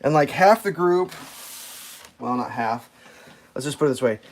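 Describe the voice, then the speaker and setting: A man's voice: mid-range voice, expressive, normal speed. A man on a casual livestream, telling a rambling anecdote full of fillers and restarts. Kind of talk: casual storytelling chat.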